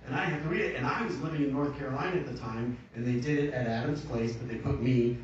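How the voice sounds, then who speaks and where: A man's voice: mid-range voice, fast talker, a little hiss or hum. Joking man on a cinema panel. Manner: jokey, rambling anecdotes. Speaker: actor on a Q&A panel. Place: cinema auditorium. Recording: echoey muffled hall audio from far off.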